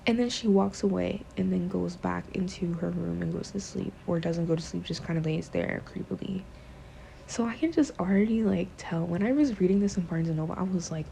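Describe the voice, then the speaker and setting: A woman's voice: fairly low pitch, moderate pace, gravelly, warm tone, slight background noise. A woman podcast host casually retelling a book's plot, rambling with lots of fillers and swearing. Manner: rambling, profane, many fillers. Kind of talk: casual storytelling, retelling a book.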